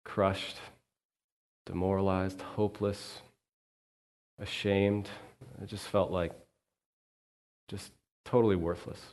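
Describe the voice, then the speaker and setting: Low-voiced minister telling the story as himself. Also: male voice, little pitch movement, slow pace, pauses often. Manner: earnest storyteller, quiet and reflective. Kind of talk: first-person sermon monologue in character. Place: church sanctuary.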